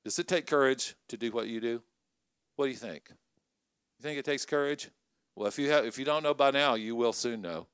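A middle-aged man preaching a sermon to college ministry leaders, conversational and energetic, often asking the crowd questions. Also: mid-range voice, moderate pace, clean tone, no echo. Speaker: pastor.

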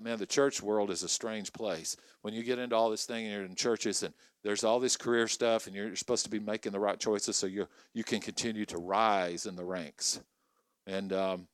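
Middle-aged pastor preaching, lowish voice, chatty and fired up, dry close sound. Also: male voice, dry recording. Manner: energetic, conversational, asks the audience questions. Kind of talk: sermon to college ministry leaders.

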